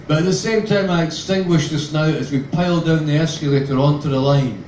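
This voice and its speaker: A man's voice: fairly high pitch, a little fast, hardly any pauses, darkish tone, a little hiss or hum. Man reading dryly, roomy and distant. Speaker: author reading. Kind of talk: reading a novel aloud. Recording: roomy sound from a distant mic with faint ambience.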